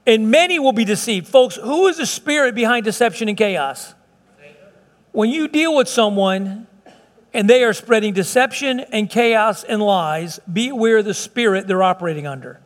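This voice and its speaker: High-voiced preacher man in a reverberant hall. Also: expressive, normal speed. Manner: conversational, folksy preaching with asides and repeats. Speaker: pastor. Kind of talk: sermon.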